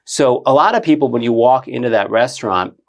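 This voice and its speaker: A man hosting a podcast interview, asking questions in an animated way, stammering and retelling conversations. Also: mid-range voice, brisk, muffled recording. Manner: animated storyteller, stammers, quotes others. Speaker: podcast host.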